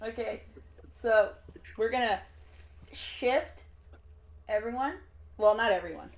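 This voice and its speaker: A woman's voice: fairly high pitch, slow. A woman narrating as game master over a voice call, chatty and laughing often.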